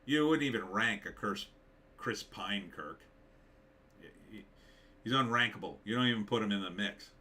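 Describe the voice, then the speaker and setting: Blunt, opinionated man with a bright tone. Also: lowish voice, expressive, normal speed, long pauses. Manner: blunt, dismissive, opinionated, many fillers. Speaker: live stream host reading chat. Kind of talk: casual opinionated live-stream chat.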